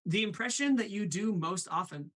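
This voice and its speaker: A man's voice: high voice, lively intonation, moderate pace, fairly bright tone. A young man hosting a casual live stream, laughing often and reading chat messages aloud. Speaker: host of a live show.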